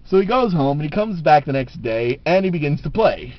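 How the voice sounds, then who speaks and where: A man's voice: fairly high pitch, sing-song, brisk, no room sound. A man telling jokes casually to the camera, laughing at his own punchlines, on a dull lo-fi camera recording.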